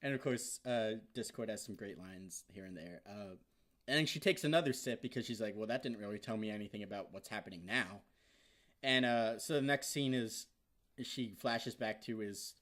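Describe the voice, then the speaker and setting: Excited, rambling young man recapping. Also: medium pitch. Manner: excited, rambling, swears a lot, bursts into loud shouts. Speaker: vlogger. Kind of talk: casual episode recap.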